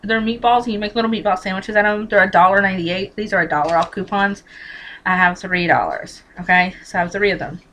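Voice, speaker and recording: A woman's voice: medium pitch, quick pace, a bit bright, slight background noise, poor audio. A woman vlogging a casual how-to on couponing, blunt and chatty, with mild swearing and lots of emphatic repetition, speaking straight to the viewer.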